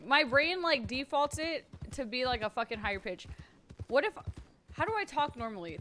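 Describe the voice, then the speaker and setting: Bright-voiced young woman with a twang. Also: high voice, lively intonation, moderate pace, a little hiss or hum. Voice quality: slight twang. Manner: swears a lot, frustrated, self-critical. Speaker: streamer. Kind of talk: casual chat, trying out a character voice.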